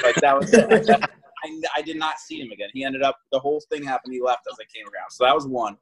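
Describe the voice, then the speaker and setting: A man's voice: mid-range voice, fairly quick, slight background noise, poor audio. A man in casual chat, telling stories animatedly and acting out both sides of the exchanges.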